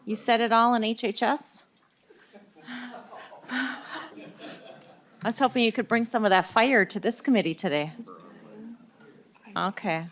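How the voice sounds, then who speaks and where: A woman's voice: on the high side, measured pace, pauses often, fairly bright tone. A woman chairing a legislative committee hearing, chatty and joking, with many fillers. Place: hearing room.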